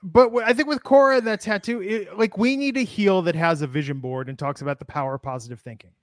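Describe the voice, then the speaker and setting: A man's voice: sits high, quick pace, no echo. A man co-hosting a podcast, talking in a laid-back, dry way about wrestling and reading listener comments. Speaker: podcast co-host. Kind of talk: casual wrestling chat.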